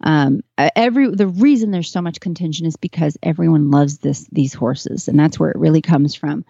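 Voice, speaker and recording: A woman's voice: sits low, brisk, creaky, mellow, slightly rough, no room sound, muffled recording. A woman guest telling a personal story in a casual interview, earnest and emotional, with many fillers and restarts. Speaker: podcast guest, horse trainer.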